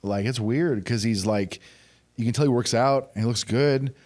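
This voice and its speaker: A man's voice: medium pitch, normal speed, darkish tone. A man in his forties, a former pro wrestler, chatting as a podcast guest and telling candid, self-deprecating stories with frequent restarts. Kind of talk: casual podcast chat.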